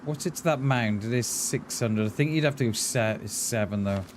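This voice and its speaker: Playing a game on a live stream, a Mid Wales man with a light local accent thinks out loud and answers viewers, calling them "mate." His mid-range voice moves at a normal speed, and there's slight hiss or hum behind it. It's relaxed gaming commentary.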